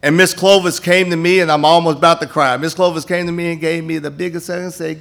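Older man, campus minister addressing a church congregation. Folksy, stumbling restarts, slightly high voice. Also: steady tone, fast talker, vocal fry, a bit bright. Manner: folksy storytelling with many repeated restarts. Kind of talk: church appeal and testimony. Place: church sanctuary.

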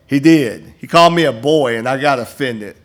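A man's voice: medium pitch, moderate pace. An older man, a campus minister speaking to a church congregation and telling folksy stories with many restarts. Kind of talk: church appeal and testimony. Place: church sanctuary.

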